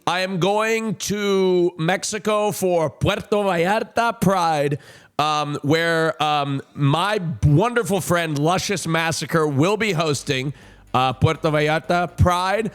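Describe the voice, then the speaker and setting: A man's voice: on the high side, takes it slowly, a bit bright, smooth. Rambling camp male streamer. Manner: rambling, camp and crude, swinging from chirpy to mutter. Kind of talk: casual chat to stream chat.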